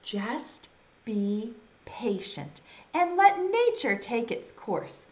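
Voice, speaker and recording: A weary caterpillar friend, as a woman reading a story puts it on, snapping short answers that leap up and down in pitch. The sound is dull and echoey. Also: huge pitch swings, drawn-out words, full character voice. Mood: exasperated. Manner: firm, clipped answers. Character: patient, exasperated caterpillar friend.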